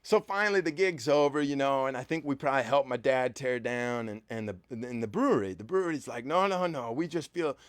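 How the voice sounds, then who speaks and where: A young man hosting a live stream, telling a story with lively energy and acting out the people in it. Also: mid-range voice, brisk, hardly any pauses, clean tone, no echo. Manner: lively storyteller who acts out voices and breaks into song. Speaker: band member and show host.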